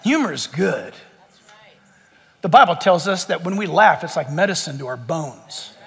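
A man's voice: on the high side, big pitch swings, a little slow, creaky, a bit bright, breathy edge, big-room sound. A man preaching a sermon to a church congregation with rising, emphatic delivery. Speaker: pastor. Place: church hall.

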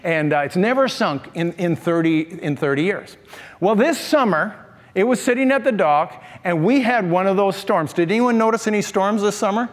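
An older man preaching a sermon, telling stories in an animated way and putting questions to the congregation. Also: high-pitched, moderate pace. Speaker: pastor. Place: large church sanctuary. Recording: long reverb of a large hall.

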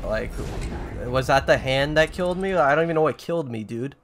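A young man streaming a video game, giving excitable, slangy commentary and swearing often. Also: medium pitch, a little fast, noisy background. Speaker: gaming streamer. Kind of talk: gameplay commentary. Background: game music.

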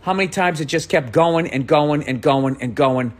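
A husky man rants on a podcast, exasperated and swearing as his voice jumps up and falls back down. The tone is conversational but heated, with a grumbling edge. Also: moderate pace. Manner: profane exasperated ranting with big pitch swings. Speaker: comedian. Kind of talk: podcast rant.

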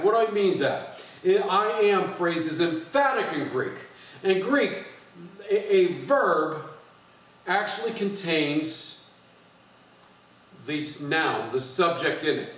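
A male pastor delivers a sermon in an emphatic, teaching manner, pausing on fillers and restarting phrases. His voice sits a little high for a man. He is heard from some distance in a strongly echoing church hall. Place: church sanctuary. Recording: echoey church hall from far off. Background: strong room echo.

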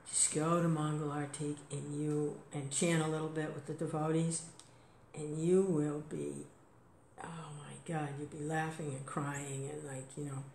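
A woman's voice: low voice, darkish tone. An older woman in a casual spiritual talk, emotional and exclaiming, laughing often. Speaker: devotee sharing reflections. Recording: roomy with faint background noise.

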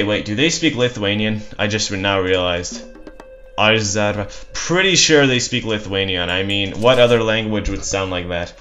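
His voice medium in pitch and a bit bright, a man rambles casually through live commentary of his own strategy match. He's self-deprecating, with a dry, sarcastic streak. It's recorded on a dull lo-fi mic with faint music in the background.

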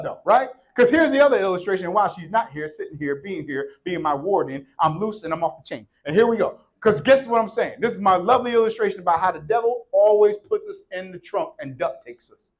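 Male pastor, high voice, casual joking sermon delivery in a church. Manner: playful, conversational preaching with call-and-response. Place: church sanctuary. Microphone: handheld or worn microphone.

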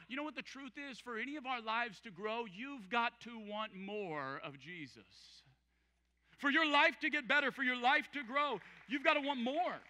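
A pastor delivering an emphatic sermon, repeating key phrases and acting out quoted voices. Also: male voice, extremely high pitch, normal speed, sharp tone. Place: large church hall. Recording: church hall with long reverb.

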